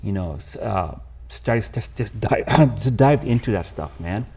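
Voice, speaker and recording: A man's voice: lowish voice, animated, unhurried, a little mellow, husky. A man, a podcast guest telling his life story candidly and emotionally, calling the host "bro". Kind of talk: casual storytelling interview.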